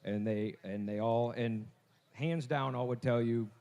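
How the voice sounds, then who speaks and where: A man's voice: mid-range voice, steady tone, mellow. A man announcing lots at a livestock sale, talking casually and often restarting his sentences. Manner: halting, repeats words. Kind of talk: casual explanatory talk.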